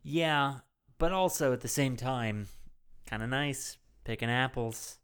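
A man co-hosting a casual movie podcast, rambling and animated, with lots of swearing and fillers. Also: mid-range voice, takes it slowly. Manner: rambling and animated, heavy profanity, many fillers. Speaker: podcast co-host.

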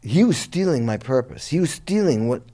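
Middle-aged guy telling band stories, lively, swears a bit, mid pitch. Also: moderate pace. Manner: animated, profane, laughing storyteller. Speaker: guest musician. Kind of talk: storytelling interview.

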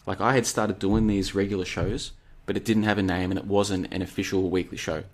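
A podcast host, a man, runs a solo late-night talk show, rambling and digressing as he reads out listener comments. His voice is low and brisk, with little pitch movement.

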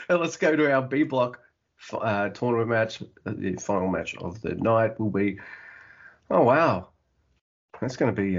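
An Australian man with a husky, slightly rough voice that swings widely up and down as he talks. He chats casually and laughs a lot, dropping curses along the way. The audio is a little dull and lo-fi. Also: mid-range voice. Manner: laughing often, swearing, animated. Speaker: podcast co-host. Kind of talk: casual chat.

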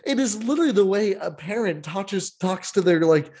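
A man hosting a casual sports podcast, ranting in an exasperated, animated way with some swearing. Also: sits high, normal speed, a crowd in the background. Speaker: podcast host.

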